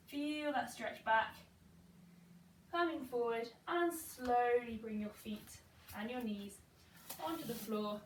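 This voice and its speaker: Pilates coach in an echoey room. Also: female voice, on the high side, far from the mic. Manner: encouraging, counts reps aloud. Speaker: pilates instructor. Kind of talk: guided workout instruction. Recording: echoey room, voice from afar, faint hiss.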